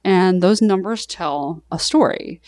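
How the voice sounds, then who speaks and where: Woman, thirties, from the South, low-pitched, dry close mic, casual podcast guest, laughs at herself. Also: slow, darkish tone, no echo. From American South. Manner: chatty, laughs often, self-deprecating.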